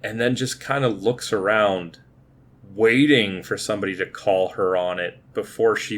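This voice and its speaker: Low-voiced man chatting about movies. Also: moderate pace, fairly bright tone. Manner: talkative, repeats words while thinking. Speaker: podcast co-host. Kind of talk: casual movie review chat.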